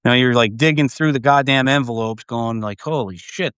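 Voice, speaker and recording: A man's voice: medium pitch, steady tone, brisk, a bit bright, clear, resonant tone, no room sound, studio quality. A man hosting a livestream, talking in a casual, rambling way, swearing freely and laughing often. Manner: profane, laughs often, trails off and restarts. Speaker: livestream host.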